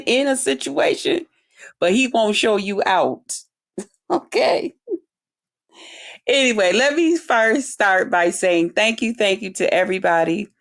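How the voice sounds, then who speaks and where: A woman's voice: on the low side, vocal fry. Swearing, preachy woman host. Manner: preachy, emphatic, repeats catchphrases; swears freely, laughs often. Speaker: YouTube channel host. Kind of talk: casual commentary livestream.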